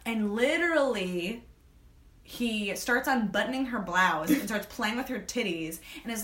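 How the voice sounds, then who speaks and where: A woman co-hosting a podcast in casual chat, animated and laughing, acting out lines from a book and movie. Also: on the high side, unhurried, reverberant. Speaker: podcast co-host.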